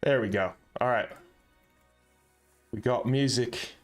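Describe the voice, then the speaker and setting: A man's voice: mid-range voice, slow pace, soft background music. A man hosting a casual live stream, laughing often and swearing lightly while he sets things up and talks to his chat.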